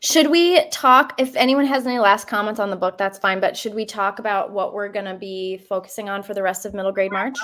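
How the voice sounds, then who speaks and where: Woman co-host, live book chat, relaxed, guides the conversation. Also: mid-range voice, fairly quick, hardly any pauses.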